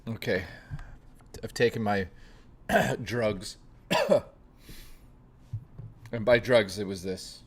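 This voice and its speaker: A man's voice: lowish voice, very slow, long pauses, breathy edge. A man hosting a casual chat stream, rambling and joking with plenty of swearing, greeting chat readers by name. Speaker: livestream host.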